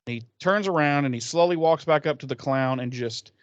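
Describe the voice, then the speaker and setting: A man's voice: fairly high pitch, fairly quick, no echo, muffled recording. Man recapping casually, swearing freely. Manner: rambling storytelling, swearing, laughing asides. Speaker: podcast host recapping an episode.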